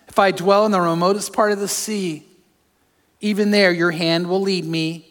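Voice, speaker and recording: A pastor preaching a sermon to a congregation, his voice going from loud storytelling down to soft, hushed appeals. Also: high voice. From California. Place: large church hall. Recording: long hall reverb.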